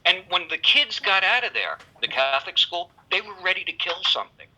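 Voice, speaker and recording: A man's voice: high-pitched, sing-song, bright, forceful tone, rough recording. A man from Long Island co-hosting a podcast in casual chat, wry and full of questions. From Long Island, United States. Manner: wry, questioning, quick to react. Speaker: podcast co-host.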